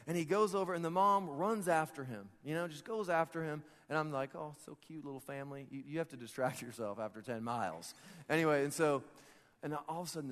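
A male pastor giving a casual, humorous sermon, joking and conversational, often laughing mid-sentence. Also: medium pitch. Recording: long hall reverb in a large church.

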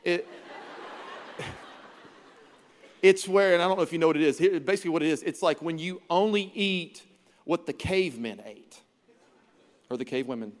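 A man's voice: fairly high pitch, normal speed, long pauses, in a large hall. A man preaching as pastor, conversational and humorous, with self-deprecating jokes. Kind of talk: sermon.

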